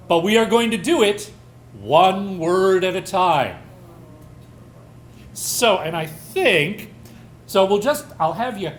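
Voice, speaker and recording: A host on a pub stage explains the rules of a storytelling game in a loose, lively way. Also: mid-range voice, a little hiss or hum. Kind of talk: live show hosting.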